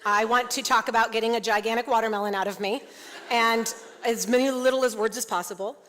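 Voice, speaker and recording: A woman founder telling a funny personal story to a women's event audience, animated and laughing often. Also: on the high side, fairly quick, a little hiss or hum. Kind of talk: comedic personal storytelling talk. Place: large event hall before an audience. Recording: long hall reverb, faint ambience.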